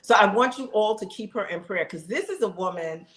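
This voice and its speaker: A woman vlogger in her fifties talks a little fast with lively intonation in a mid-range, fairly bright voice. She chats directly to her audience, casual, emphatic and heartfelt, with a roomy echo on the recording.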